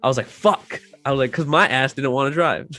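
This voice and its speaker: Man, show host, casual chat, filler-heavy, profane, sudden loud rants. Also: mid-range voice, fairly quick, no room sound, soft background music. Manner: profane, lots of "like", mostly subdued with loud outbursts.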